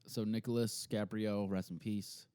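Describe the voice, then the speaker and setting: A man's voice: on the low side, measured pace, clear, resonant tone, dry recording, clean studio sound. A young man co-hosting a podcast, chatting casually and telling jokes. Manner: joking, lively storytelling. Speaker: podcast co-host.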